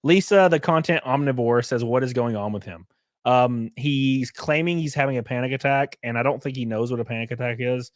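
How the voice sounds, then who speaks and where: A man hosting a live stream, commenting casually with swearing and quick laughs. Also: mid-range voice, dry recording. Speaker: streamer host.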